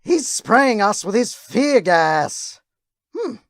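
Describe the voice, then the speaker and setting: A man's voice: high-pitched, big pitch swings, slow, no room sound, studio quality, voice pushed up, exaggerated voice. A man voicing a cackling, mocking villainous clown, with a theatrical, sneering delivery. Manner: theatrical, sneering, bursts into laughter.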